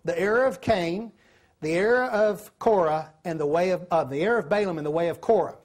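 Delivering a sermon at a fairly quick clip, a preacher with a medium-pitched voice tells stories and poses questions to his listeners.

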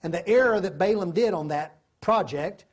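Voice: medium pitch, moderate pace. A preacher, giving a sermon, telling stories and asking the listeners questions. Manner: storytelling, asks the listeners questions.

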